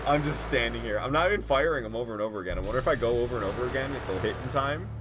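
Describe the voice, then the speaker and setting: A man giving casual, jokey gameplay commentary, excitable and profane, laughing often. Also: medium pitch, racing, background noise. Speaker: gaming YouTuber.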